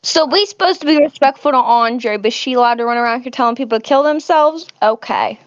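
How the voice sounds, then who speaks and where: A woman's voice: fairly high pitch, fairly quick, no echo. A woman in a casual online voice chat, talking with sarcastic sass over her phone. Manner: sarcastic, sassy. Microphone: phone on a voice call. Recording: muffled phone voice-call audio.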